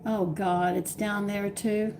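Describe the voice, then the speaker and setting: A woman's voice: mid-range voice, flat delivery, slow pace, a little mellow, slight background noise. Chatty older woman venting. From Texas. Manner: chatty, exasperated storytelling with laughs. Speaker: cooking channel host chatting with live viewers. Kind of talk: casual live-stream chat. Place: home.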